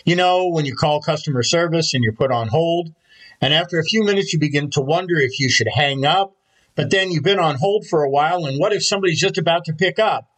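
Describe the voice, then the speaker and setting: A man, a pastor, preaching a Sunday sermon, opening with a prayer and telling stories in a calm, steady way. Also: fairly high pitch, a little fast, poor audio.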